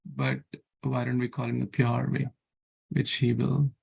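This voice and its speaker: A man's voice: medium pitch, little pitch movement, unhurried, vocal fry, a little mellow, husky. A man giving an earnest sermon, repeating himself and asking his listeners questions, with chants and Sanskrit verses mixed in. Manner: earnest, repetitive, asks rhetorical questions. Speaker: scripture class speaker.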